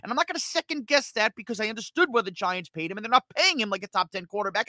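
Angry sports podcast guy, high bright voice, ranting fast, dry close sound. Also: expressive, no room sound. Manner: fired-up, ranting, rapid-fire, gets loud at times. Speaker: sports talk podcast host. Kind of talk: heated sports rant.

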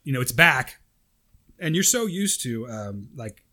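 A man's voice: mid-range voice, a little slow. A man co-hosting a podcast, chatting casually and reading a listener's email aloud with jokes. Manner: animated, jokey, reads listener mail aloud. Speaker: podcast co-host.

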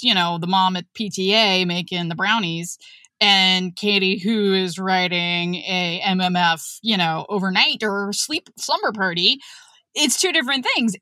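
Bright, blunt woman telling stories. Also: mid-range voice, dry recording, studio quality. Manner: animated storyteller, blunt. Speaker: author and former school staff. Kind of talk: casual podcast chat.

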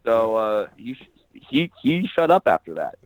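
A stand-up comedian guest on a casual podcast interview tells comedy stories bluntly and profanely, acting out the people he quotes. His lowish voice swings widely in pitch at normal speed, and the audio is narrow and tinny.

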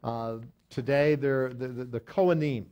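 A man's voice: mid-range voice, dark tone. A middle-aged man leads a Bible study in a plain, mid-range voice. He talks off the cuff, stopping and correcting himself often, then lifts his voice to stress the verses he reads aloud. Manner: halting, many fillers and self-corrections, reads verses aloud with emphasis. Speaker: pastor teaching a Bible study. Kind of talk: unscripted Bible teaching.

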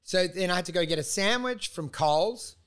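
High-voiced man riffing crudely. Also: expressive, fairly quick, a bit bright, clean tone. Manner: rambling, laughs through his riffs, crude. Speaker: podcast co-host. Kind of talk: casual comedic chat.

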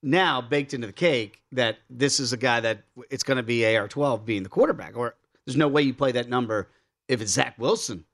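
A man hosting a sports betting show, chatting casually and acting out quotes in mock voices. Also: a little fast. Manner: animated, acts out quotes in high mock voices. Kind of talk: casual sports radio banter.

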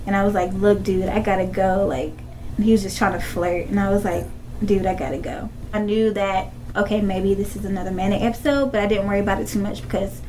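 A woman's voice: medium pitch, steady tone, fast talker, darkish tone, a little hiss or hum, poor audio. A young woman recounting painful events in a casual interview, using "like" often. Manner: casual, heavy use of like, emotional retelling. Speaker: interviewee, victim's partner.

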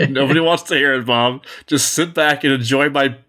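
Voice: medium pitch, moderate pace, sharp tone. Teasing, mock-bossy podcast host. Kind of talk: casual chat.

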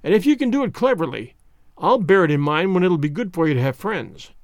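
A scheming sea captain, put on by a male storyteller, wheedles and plots in low, sly tones. His delivery swings with lively pitch. The recording is dry and close. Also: fairly quick, no echo. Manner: coaxing and sly. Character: scheming wheedling ship captain, middle-aged man.

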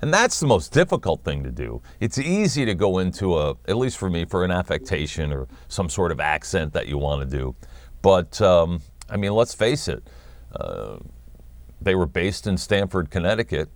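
A man in his fifties with a New York accent, a guest chatting in a relaxed, wry way and laughing often. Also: deep voice, normal speed, no echo. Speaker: guest, former wrestling announcer. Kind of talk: casual interview chat.

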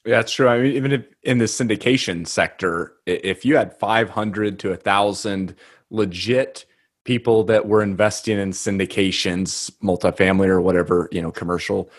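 A man with a somewhat low voice hosts a podcast in casual conversation. He tells stories at his own expense and rushes ahead in quick bursts when he gets excited. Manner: self-deprecating storyteller, fast bursts when excited. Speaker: podcast host.

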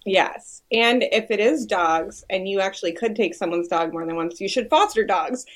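A woman's voice: mid-range voice, normal speed, slight background noise. A woman co-hosting a podcast, speaking in a direct, matter-of-fact way. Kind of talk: conversational podcast chat.

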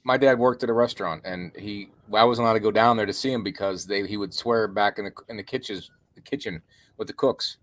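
A man's voice: fairly low pitch, fairly quick, a bit bright. Middle-aged man telling laughing stories. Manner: chatty, laughing storyteller. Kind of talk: casual chat, storytelling.

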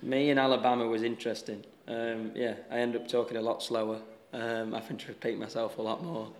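A young Yorkshire man talks easily in an interview, stopping and restarting his sentences often. His voice stays flat in tone and sits at an ordinary pitch. It sounds like he is in an echoey room. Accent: Yorkshire English. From Yorkshire, England. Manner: relaxed, halting, many restarts and fillers. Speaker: professional golfer, interviewee. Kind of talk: casual interview answers.

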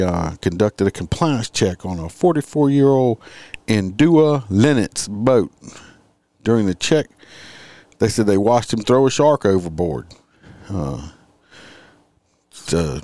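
A man's voice: on the low side, dark tone, dry recording. A man hosting a casual livestream, reading out crime stories and chatting with his viewers in a sarcastic, profane, rambling way.

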